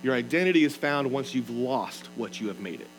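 A man's voice: mid-range voice, expressive, a little fast, faint music behind, low-quality recording. A man preaching a sermon in an earnest, emphatic way, reading scripture aloud and explaining it. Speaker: pastor.

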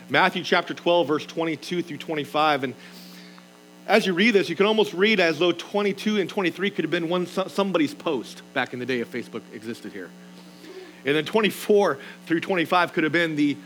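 A man's voice: a little high, animated, fairly quick, music in the background, poor audio. A man preaching a sermon in an earnest, emphatic way, reading scripture aloud and explaining it. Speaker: pastor.

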